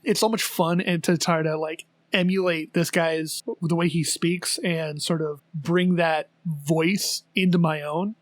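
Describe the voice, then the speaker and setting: A man co-hosting a casual podcast chat, rambling in an animated way with lots of fillers and restarts. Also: fairly high pitch, measured pace, few pauses, dry recording. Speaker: podcast co-host.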